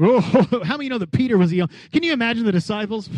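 A man preaching a lively sermon as pastor, calling on the congregation to answer back and acting out the voices of people in the story. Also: high-pitched, normal speed, no echo. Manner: energetic preaching with call-and-response.

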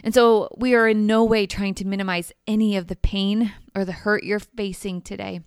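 A woman speaking in a gentle, earnest devotional teaching voice. Her tone is smooth and resonant, and the sound is close and dry. She keeps it conversational and personal. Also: mid-range voice, fairly even intonation, moderate pace, no room sound.

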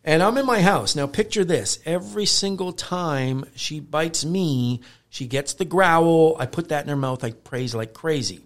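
A man with a somewhat high voice, chatting casually on a podcast as a dog trainer. He talks in an animated way and slips into playful growls and bursts of praise while he explains training. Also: a little slow, hardly any pauses. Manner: animated storyteller who acts out growls and praise.

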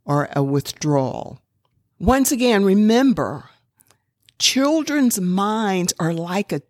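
A woman's voice: medium pitch, no room sound, clean studio sound. A middle-aged woman giving an earnest talk to parents, acting out example phrases as she goes. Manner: earnest, quotes examples in acted tones. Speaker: parenting speaker.

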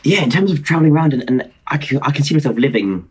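Young british guy on a video call, husky voice, swoops all over the place, super excited telling stories. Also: on the high side, quick pace, low-quality recording. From Britain. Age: 20s. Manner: excitable, animated storyteller. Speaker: podcast guest. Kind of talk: casual chat.

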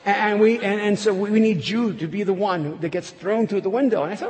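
High-voiced preacher in an echoing hall. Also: male voice, a little fast, hardly any pauses. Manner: animated storyteller, frequent restarts. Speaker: pastor. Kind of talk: sermon with personal storytelling. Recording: long hall reverb.

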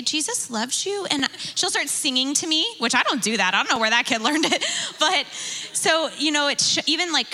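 A woman's voice: a little high, pushed and bright, poor audio. A young woman pastor leading a church panel, talking earnestly and chattily, often asking "right?". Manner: earnest, chatty, sprinkled with "you know" and "right?".

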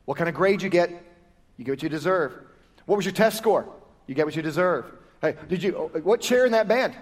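A male pastor giving a sermon in a conversational, lively style, often restarting phrases as he explains. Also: high voice, fairly quick. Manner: conversational, lively, self-correcting preaching. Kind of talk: sermon with prayer and Bible teaching.

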